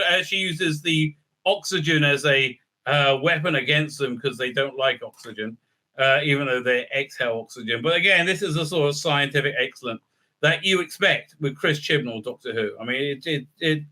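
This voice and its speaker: A man's voice: on the high side, moderate pace, pushed and bright. A man giving a sarcastic, profane recap review full of fillers and restarts. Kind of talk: casual ranting recap.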